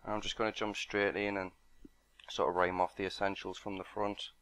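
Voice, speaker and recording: A man's voice: fairly low pitch, level tone, normal speed, a bit bright. A man narrating an unboxing and product walkthrough in a matter-of-fact, explanatory way. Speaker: product reviewer.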